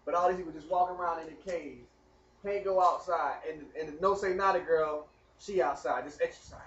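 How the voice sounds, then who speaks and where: A man telling a rambling personal story in casual, animated talk. He speaks straight to the viewer and keeps asking whether they follow. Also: fairly high pitch, fairly quick, lo-fi sound. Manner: animated, talks straight to the viewer, keeps asking "you know what I mean". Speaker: vlogger telling his story.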